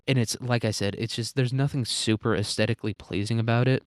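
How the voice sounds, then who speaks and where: A man's voice: mid-range voice, fairly even intonation, fast talker, hardly any pauses, no room sound, studio quality. A young man in his twenties, rambling crudely through a casual ranking chat with lots of filler words and laughter.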